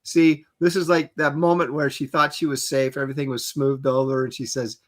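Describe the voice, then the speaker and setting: A man's voice: medium pitch, flat delivery, fairly quick. A middle-aged man hosting a casual art livestream, reading donations and teasing the chat. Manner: playful, teasing, mock-reads comments aloud.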